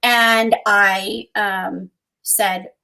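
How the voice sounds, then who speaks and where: A woman's voice: mid-range voice, steady tone, drawn-out words, vocal fry, bright, forceful tone, clean tone. A woman co-host telling a personal story in conversation, earnest, with frequent ums. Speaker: co-host and guest.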